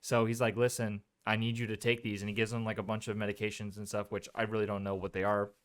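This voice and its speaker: Smooth-voiced young man chatting casually. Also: lowish voice, little pitch movement, fast. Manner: rambling, full of "like" fillers. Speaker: podcast co-host. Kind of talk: casual movie review chat.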